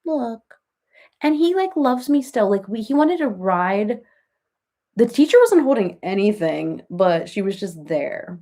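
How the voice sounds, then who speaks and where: In a very animated, warm mid-range voice, a woman talks a little slowly as she parodies a chatty reality-TV mom. It's a comic live stream, full of rambling gossip, family anecdotes, and her own laughter.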